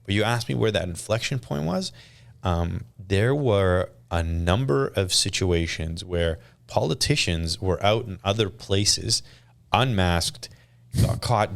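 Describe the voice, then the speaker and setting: A man in his thirties from Canada, a podcast guest telling stories in casual chat and acting out quotes. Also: low-pitched. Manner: animated storytelling, acts out quotes.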